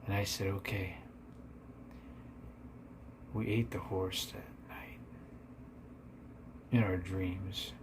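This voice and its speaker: Deadpan man telling absurd stories. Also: deep voice, slow pace, pauses often, background noise. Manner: deadpan, rambling absurd narration. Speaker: storyteller. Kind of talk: comic live storytelling.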